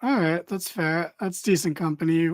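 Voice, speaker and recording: A man's voice: a little high, steady tone, moderate pace, dry recording. Tired, dry-joking podcast host man. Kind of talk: casual podcast chat.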